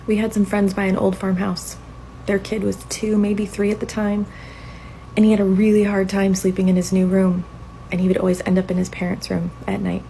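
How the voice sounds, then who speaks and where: A mother with a gravelly voice telling a story with dramatic build. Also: medium pitch, monotone, a little fast, dark tone, a little hiss or hum, poor audio. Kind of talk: casual storytelling.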